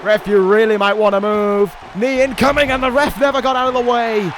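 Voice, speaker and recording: A man giving excitable play-by-play commentary on a wrestling video game, pleading and shouting at the action. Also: high-pitched, a little fast, rough recording. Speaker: YouTube gaming commentator. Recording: loud game crowd and noise behind voice. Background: video game crowd noise.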